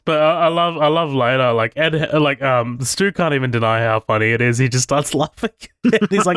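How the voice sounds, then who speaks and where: A man's voice: mid-range voice, lively intonation, a little fast, hardly any pauses, fairly bright tone, clear, resonant tone, dry recording, studio quality. A man co-hosting a podcast, chatting casually about a movie, swearing freely and laughing often. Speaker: podcast co-host.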